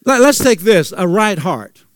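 A man's voice: sits high, sing-song, measured pace, no room sound, clean studio sound. A male pastor preaching a sermon, asking the congregation questions and repeating phrases for emphasis.

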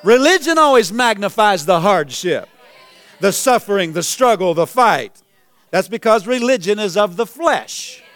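A man preaching a sermon as pastor, emphatic and repetitive, building to shouted declarations. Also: high-pitched, very animated, measured pace, faint music behind. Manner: emphatic preaching, repeats phrases, rises to shouts.

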